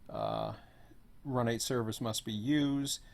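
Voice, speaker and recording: A hoarse man who is losing his voice gives a rambling, offhand walkthrough as host of an online server. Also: medium pitch, wildly swooping pitch, takes it slowly. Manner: rambling, offhand, says "blah, blah, blah". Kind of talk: casual screen walkthrough.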